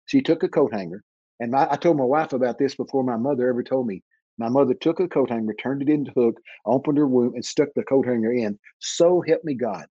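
A man's voice: medium pitch, dark tone, husky, no echo, highs cut off. A man, telling dramatic personal stories in an interview and acting out the voices. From Texas. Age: 80s. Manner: dramatic storyteller who acts out voices, slows down for emphasis. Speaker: minister being interviewed. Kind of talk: animated personal storytelling.

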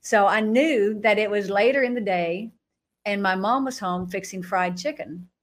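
A woman guest telling her personal testimony in an interview. She talks dramatically, acts out her own past thoughts with sudden jumps in pitch, and laughs between phrases. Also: normal speed. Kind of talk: animated testimony storytelling in an interview.

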